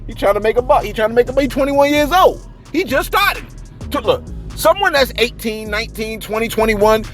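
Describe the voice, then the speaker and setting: Celebrity gossip comes from a man in a casual, slang-heavy style. He's animated, and his pitch leaps dramatically for emphasis.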